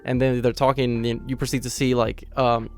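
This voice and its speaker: A man with a hoarse, raspy voice from being sick, hosting a casual, upbeat manga chapter review and peppering his talk with "you know.". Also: medium pitch, flat delivery, normal speed, faint music behind. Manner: upbeat and chatty, full of "you know" fillers and laughs. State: hoarse from illness. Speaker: anime channel host.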